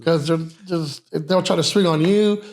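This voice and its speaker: A man who runs a nightlife security company, telling profane, animated stories in a casual podcast chat. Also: on the high side, normal speed.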